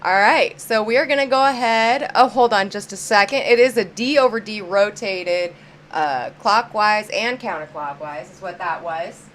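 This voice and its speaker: A woman's voice: medium pitch, normal speed, a bit bright, a little hiss or hum. A woman hosting a live-stream auction, chatty and upbeat, greeting viewers by name as she counts down bids.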